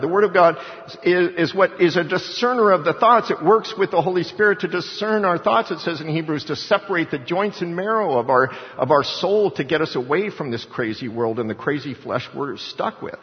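A man preaching a sermon, swinging between loud emphatic passages and quiet asides, at times acting out the lines he quotes. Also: on the high side, animated, a little fast. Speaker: pastor. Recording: dull sound with long hall reverb.

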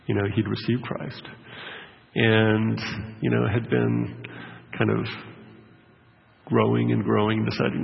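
A man's voice: lowish voice, flat delivery, takes it slowly, creaky, pauses often. A male pastor giving a sermon, telling a story in a conversational way with many fillers. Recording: dull lo-fi sound with long hall reverb.

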